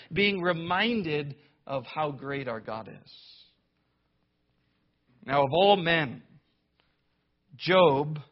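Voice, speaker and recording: A man preaching a sermon to a congregation, emphatic and building to loud declamation, with wry sarcastic asides. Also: a little high. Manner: emphatic, rising to loud declamation when quoting scripture. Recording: dull lo-fi sound.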